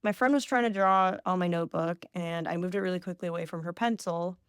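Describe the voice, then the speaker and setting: A woman's voice: on the low side, quick pace, clear, resonant tone, no echo, studio quality. A woman in her twenties hosting a podcast, telling a personal story in a chatty, self-mocking way with lots of "like". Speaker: podcast host. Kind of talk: casual solo podcast storytelling.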